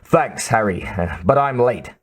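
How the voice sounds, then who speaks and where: A man's voice: mid-range voice, expressive, unhurried. A man voicing a dazed, confused male construction worker who speaks with bewildered impatience. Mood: puzzled.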